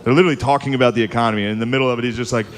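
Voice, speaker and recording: A male comedian telling an animated stand-up story, acting out voices and laughing at his own jokes. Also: medium pitch, rapid-fire. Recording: live audience behind.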